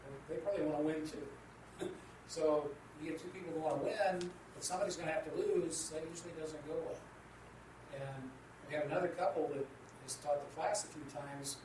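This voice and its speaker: A man's voice: on the high side, fairly quick. A man co-hosting a Christian radio talk about marriage, explaining with everyday examples in an earnest way. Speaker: co-host teaching a Christian marriage class. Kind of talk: casual radio discussion. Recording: echoey room, distant from the mic, noisy.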